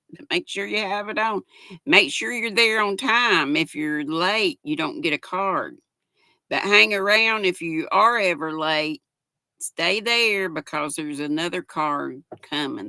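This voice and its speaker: A woman's voice: lowish voice, sharp tone, no room sound. An older woman with a Southern US accent, chatting casually on a livestream, reading out viewer comments and greeting them by name in a folksy way. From United States. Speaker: livestream host. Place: home.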